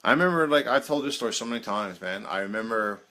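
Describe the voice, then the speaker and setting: On a peer support live video chat, a man in his thirties rambles through personal stories, laughing a lot and repeatedly saying "man." His lowish voice is animated, sharp-toned, and quick.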